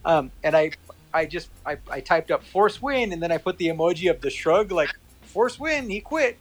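A man in casual chat, telling a story in a profane, animated way and acting out quoted lines. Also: on the high side, fairly quick, soft background music, rough recording.

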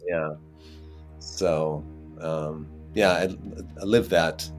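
A man, an actor, chatting as an interview guest and telling lively stories with frequent laughs. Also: very deep voice, extremely slow, faint music behind. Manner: animated storyteller, laughs often. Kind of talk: casual interview chat.

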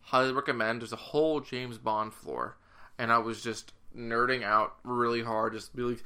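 A man's voice: medium pitch, steady tone, fairly quick, sharp tone. A man on a podcast casually rambling through a trip story with jokey asides. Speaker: podcast co-host. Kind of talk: casual chat.

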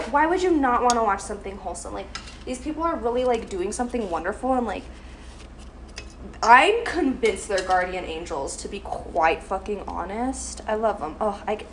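A young woman, medium-pitched, talks over a slight hiss or hum while making breakfast in her kitchen. The vlogger rambles chattily through a profane storytime, poking fun at herself.

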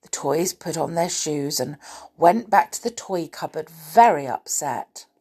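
A woman reading a children's storybook aloud in an expressive, lilting way. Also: low voice, unhurried, slightly rough.

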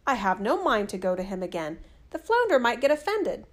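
A woman's voice: fairly high pitch, very animated, a little fast. A woman voicing a timid fisherman who hesitates to obey his wife. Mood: reluctant. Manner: meek and hesitant. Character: timid reluctant old fisherman husband.

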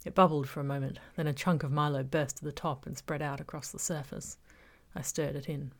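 Brief: female audiobook narrator, low voice with vocal fry, measured first-person telling. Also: steady tone. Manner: measured, reflective storytelling.

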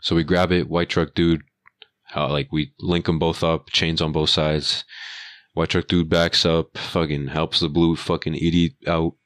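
In a clean, dry studio recording, a young man with an extremely low voice speaks a little slowly as he retells a work story. He's casual, profane, and slangy, animatedly acting out people's words in their voices.

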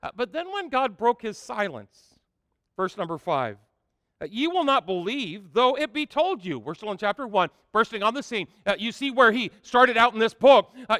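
A man preaching in a church, his voice high, bright and crisp. He reads scripture with rising emphasis and fills pauses with frequent "uh"s, and the dry close sound carries a long hall reverb behind it. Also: very animated. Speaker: pastor. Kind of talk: sermon.

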